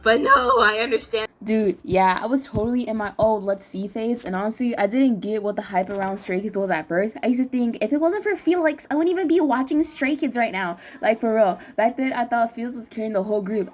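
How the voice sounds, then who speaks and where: A woman's voice: on the high side, a little fast, hardly any pauses. A young American woman vlogging in casual chat, rambling and slangy, often correcting herself mid-sentence. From United States.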